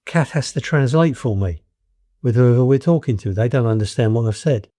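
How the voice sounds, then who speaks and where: A man's voice: mid-range voice, lively intonation, brisk, mellow. Older Cockney man, blunt storyteller. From East London, England. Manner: blunt, anecdotal, frequent restarts. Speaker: guest. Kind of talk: casual storytelling conversation.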